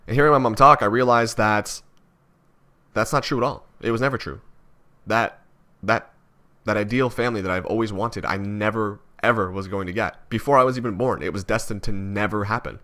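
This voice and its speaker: A man's voice: on the low side, a little fast, pushed and bright. A young man from Canada talking through his thoughts in a personal vlog, rambling and self-critical with many restarts. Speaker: vlogger.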